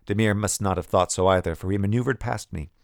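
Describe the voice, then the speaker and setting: A man reads a first-person tale in a low, gravelly voice, measured and vivid. The recording is dry and close, with no room sound. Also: darkish tone, no room sound. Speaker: audiobook narrator. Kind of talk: scripted first-person narration.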